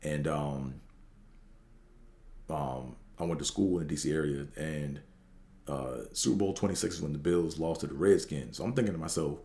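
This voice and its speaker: A man's voice: a bass voice, normal speed, warm tone, roomy sound. A middle-aged man from the DC area, hosting a podcast and telling a rambling, profane story full of fillers and restarts. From Washington DC area. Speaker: podcast host. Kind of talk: casual storytelling monologue.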